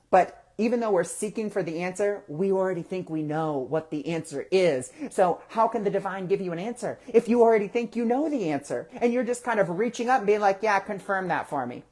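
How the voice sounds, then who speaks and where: A man's voice: sits high, normal speed, a little mellow. A man hosting a casual spiritual discussion, talking conversationally and asking rhetorical questions. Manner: conversational, asks rhetorical questions and acts out quoted thoughts.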